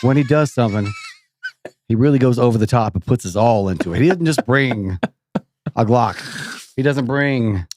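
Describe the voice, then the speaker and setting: A man's voice: mid-range voice, lively intonation, moderate pace, pauses often, a little mellow, slight background noise. A man co-hosting a podcast in a laid-back, joking casual chat. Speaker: podcast co-host.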